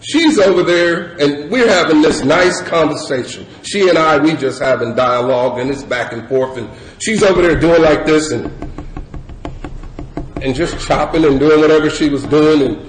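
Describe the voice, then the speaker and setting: A middle-aged man sharing his personal recovery story at a meeting, animated and laughing, with lots of "you know" fillers. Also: on the high side, normal speed. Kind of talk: personal testimony share. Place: meeting hall with audience. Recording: echoey hall with crowd noise. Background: audience murmur and ambience.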